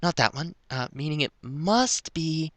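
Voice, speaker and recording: A man voicing a dazed young filly pony who speaks in a halting, groggy way. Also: fairly high pitch, lively intonation, a bit bright, dry recording, pitched above the performer's own voice. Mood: muttering.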